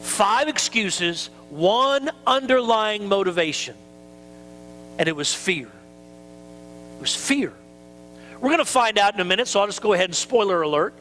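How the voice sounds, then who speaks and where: A man's voice: high-pitched, big pitch swings, normal speed, long pauses, fairly bright tone, faint music behind, low-quality recording. A man pastor preaching a sermon in a conversational way, acting out quoted excuses.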